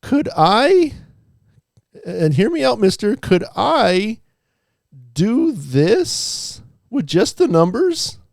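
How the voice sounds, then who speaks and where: Eager young student with a high, pleading voice, put on by a man, hesitant and full of fillers. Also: big pitch swings, extremely slow, vocal fry, pauses often, no room sound, studio quality, full character voice.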